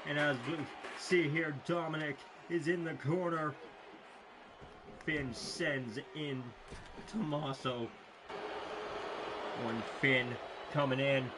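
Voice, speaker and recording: A man calls a wrestling match in an amateur play-by-play style, his voice pitched a little high and his delivery slow and drawn out. He breaks into excited shouts and curses at big moments. Loud game audio plays steadily under him. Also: background noise. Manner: swears and shouts in sudden excitement; slow, drawn-out calling between bursts.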